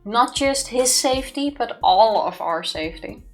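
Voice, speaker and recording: A woman's voice: fairly high pitch, lively intonation, normal speed, faint music behind. A woman co-hosting a let's play in casual chat, teasing dryly and laughing often.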